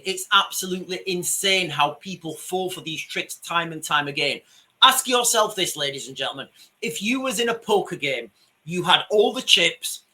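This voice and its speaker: Yorkshire man, online commentator, bright forceful tone, slightly raised pitch, emphatic and repetitive. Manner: emphatic, repeats himself, addresses viewers as ladies and gentlemen. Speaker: commentator on a video channel. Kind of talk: screen-share commentary.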